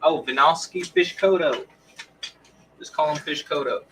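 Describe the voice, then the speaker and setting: A man joking with a co-host on a casual home livestream, speaking in a relaxed, bantering way. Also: a little high, unhurried. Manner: laid-back, joking banter. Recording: distant home mic, background noise.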